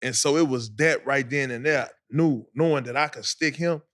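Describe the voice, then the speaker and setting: A man, co-hosting a podcast and telling an animated story full of acted-out quotes. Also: medium pitch, normal speed. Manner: animated storyteller, acts out quotes, laughs a lot. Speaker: podcast co-host. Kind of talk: casual storytelling.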